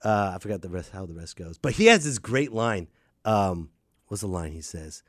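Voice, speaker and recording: Animated, ranting male podcast host. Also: sits low, moderate pace, dry recording, clean studio sound. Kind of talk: casual solo podcast rant.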